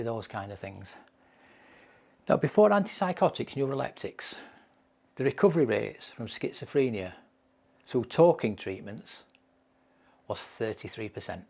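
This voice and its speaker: A man leads a mental health training session and talks through case stories. His voice is gravelly and husky, and he leans on repeated phrases for emphasis. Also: mid-range voice, animated, moderate pace, long pauses, dark tone. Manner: anecdotal, emphatic repetition.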